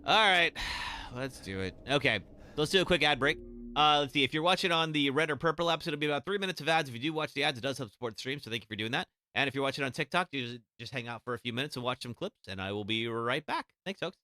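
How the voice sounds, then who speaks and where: A man's voice: mid-range voice, animated, fast, sharp tone. A man live streaming a horror game, chatting casually with wry, joking remarks. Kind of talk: casual gameplay commentary.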